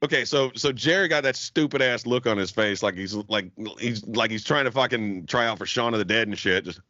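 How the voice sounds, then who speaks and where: Podcast co-host, young man, low voice, bright and forceful, dull lo-fi sound, profane rambling storyteller. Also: brisk, no echo. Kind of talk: casual storytelling chat.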